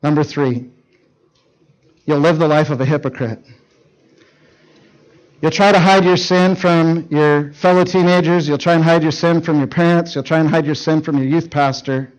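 Middle-aged guy preaching to teens, kinda high voice, tells stories and acts out the lines. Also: fairly even intonation, moderate pace, pauses often, rough recording. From Canada. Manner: storytelling, acting out dialogue, urgent. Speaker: pastor. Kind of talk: sermon to teenagers.

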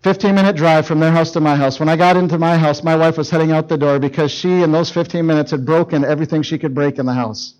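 A man's voice: fairly high pitch, fairly even intonation, fast talker, hardly any pauses, a little mellow, poor audio. A middle-aged male pastor preaching to teenagers, telling a story and acting out the dialogue with urgency. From Canada. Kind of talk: sermon to teenagers.

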